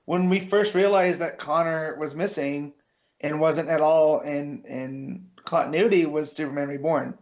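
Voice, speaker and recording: A man on a podcast chatting with eager enthusiasm. His voice sits a little high for a man and comes through a dull, lo-fi microphone. He talks loosely, with fillers. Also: fairly even intonation, a little slow, a little mellow. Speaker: podcast co-host. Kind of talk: casual chat.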